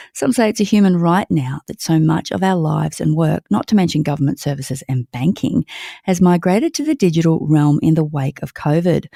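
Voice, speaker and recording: An Australian man hosts an interview podcast with a gravelly, mellow voice. He reads his introductions in a measured way and then talks easily with his guest. The sound is dry and close. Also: a little high, dry recording. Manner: measured, scripted introductions then conversational questions. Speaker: podcast host. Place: home in regional Victoria.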